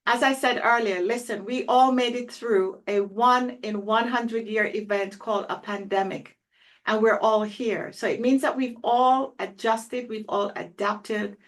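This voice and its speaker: A woman hosts an interview conversation, asking her guest questions and wrapping up with upbeat, enthusiastic remarks. Her voice sits at a middling pitch. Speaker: interview host.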